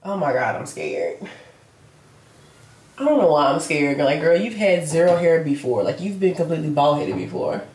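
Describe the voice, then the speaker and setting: A woman's voice: low-pitched, sing-song, normal speed, darkish tone. A young woman, chatting casually to her viewers in a home vlog. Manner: chatty, talks straight to viewers as "y'all". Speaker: beauty vlogger. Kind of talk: casual vlog chat to camera. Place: at home, indoors. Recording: roomy home recording with faint noise.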